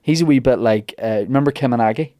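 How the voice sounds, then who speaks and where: This podcast host talks fast in a dark, mid-range voice while retelling a myth, wandering through jokes and asides in casual comic fashion. Clean studio sound, no echo.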